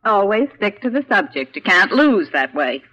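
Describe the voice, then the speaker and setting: An actress playing a spirited young woman who talks quickly, sarcastically and teasingly, in 1940s radio acting. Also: medium pitch, big pitch swings, sharp tone. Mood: tart. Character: spirited young woman, sharp-tongued niece. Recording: dull old radio broadcast.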